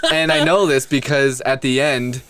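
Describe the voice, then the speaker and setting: A man's voice: mid-range voice, lively intonation, moderate pace, vocal fry, a bit bright, slight background noise. Rambling man hosting a podcast. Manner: rambling, self-deprecating, crude, many restarts. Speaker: podcast host. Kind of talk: casual comedic chat.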